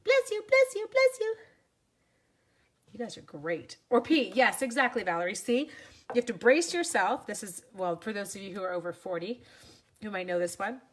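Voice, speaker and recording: A Canadian woman in her forties hosts a live crafting demo from home, sniffly from sneezing as she chats casually with viewers. She's talkative and pokes fun at herself, speaking fairly quickly in a mid-range voice over a little hiss or hum.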